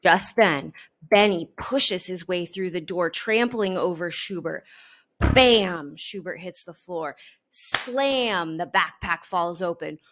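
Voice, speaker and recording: A woman reading a children's storybook aloud in an expressive, unhurried way. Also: on the low side. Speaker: storybook reader.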